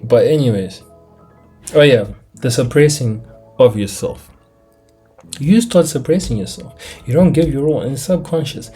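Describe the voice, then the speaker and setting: A young man from Africa delivering a casual, animated monologue on a laptop mic, asking rhetorical questions and dropping into slang. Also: mid-range voice, measured pace, slightly rough, faint music behind. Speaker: commentator.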